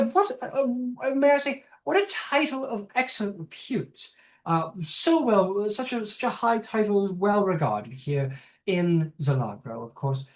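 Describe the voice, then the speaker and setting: A man's voice: high-pitched, pitched above the performer's own voice. A man voicing a forgetful, grand old gnome matriarch who chatters in a quavering voice. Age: older.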